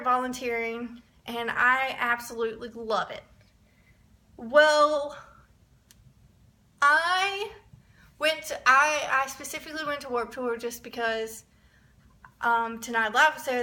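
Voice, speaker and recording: A young woman telling a rambling, excitable story in a casual vlog, often restarting her sentences. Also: high-pitched, measured pace. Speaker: vlogger.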